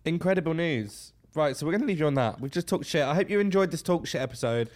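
A man's voice: a little high, expressive, fast, a little mellow. A man co-hosting a podcast, chatting in a playful, teasing way as he steers the conversation. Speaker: podcast co-host. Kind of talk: casual chat.

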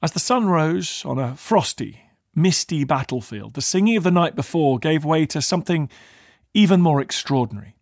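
A male documentary narrator reads a script in a measured way. His slightly high voice moves a lot. The sound is dry and close. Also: lively intonation, creaky, a little mellow, dry recording.

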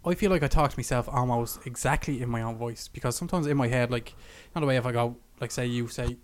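A young man hosts a casual podcast in a mid-range voice. He is chatty and joking, leading the conversation with easy questions. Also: medium pitch. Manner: chatty, quick to joke, leads the questions. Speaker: podcast host. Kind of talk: casual chat.

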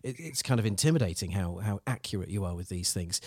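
A man's voice: sits low, lively intonation, fast, darkish tone, slightly rough, no room sound, clean studio sound. A man hosting a casual podcast interview, agreeable and conversational, asking long winding questions. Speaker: podcast host.

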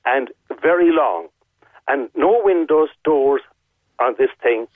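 Calling in to a radio show on a tinny phone line, a man with an Irish accent tells a long, vividly detailed story and repeats his points for emphasis. His medium-pitched voice has lively intonation, and he takes it slowly, with no room sound.

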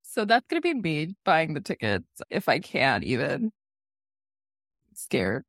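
A woman's voice: deep voice, wildly swooping pitch, normal speed, no room sound, clean studio sound. A woman co-hosting a casual podcast chat, rambling with lots of "like"s and laughing often. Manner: giggly, rambling with many "like"s. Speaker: podcast co-host.

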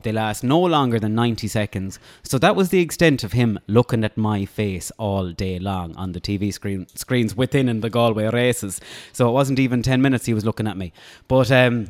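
A man's voice: on the low side, moderate pace, hardly any pauses. An Irish man hosting a podcast, chatting casually in a bar and telling a story with lots of laughter. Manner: animated, laughs while telling stories, acts out quotes. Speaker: podcast host.

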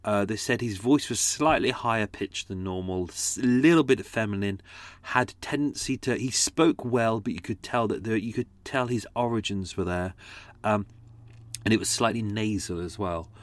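A man's voice: lowish voice, normal speed, dry recording. A man talking casually about making his audio drama, rambling and correcting himself as he goes. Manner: rambling, self-correcting, chatty. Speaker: podcast creator. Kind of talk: casual behind-the-scenes commentary.

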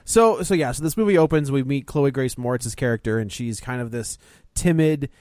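A man's voice: medium pitch, fairly quick, a little mellow, dry recording, clean studio sound. A man co-hosting a casual film review podcast, joking and teasing the others. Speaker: podcast co-host.

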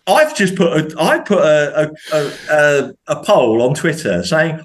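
A man's voice: fairly high pitch, normal speed, few pauses. A man from the UK, a podcast guest, talking casually with many restarts and indignant rising questions. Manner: animated, hesitant restarts, rises sharply when indignant. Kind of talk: casual conversation.

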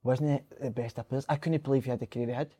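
A Scottish man, a former footballer, hosting a casual chat and jumping in with quick reactions. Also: mid-range voice, fairly even intonation, mellow. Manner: eager interjector, quick reactions.

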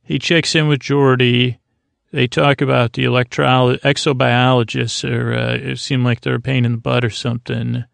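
A man's voice: medium pitch, flat delivery, creaky, no echo. A man hosting a podcast, giving a drowsy, meandering recap of a TV episode, full of fillers and restarts. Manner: meandering, filler-heavy, halting. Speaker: podcast host.

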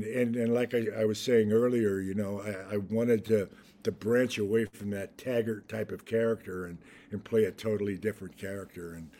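With a fairly low voice, an older man who acts shares stories as an interview guest, often laughing, starting over, and performing the voices of those he quotes. There's a bit of background noise.

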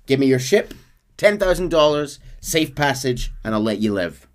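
A man voicing a charismatic, unhinged outlaw gang leader, speaking in a smooth, theatrical way. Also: mid-range voice, sing-song, moderate pace, pitched above the performer's own voice, close to an everyday voice. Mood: menacing.

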